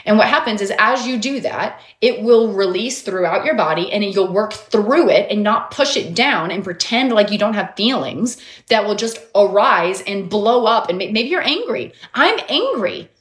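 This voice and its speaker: An animated woman of middling pitch talks straight to her viewers, giving motivational coaching in emphatic bursts. Her voice carries a roomy echo from the space she records in. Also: moderate pace. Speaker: mindset coach and livestream host. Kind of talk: motivational livestream talk.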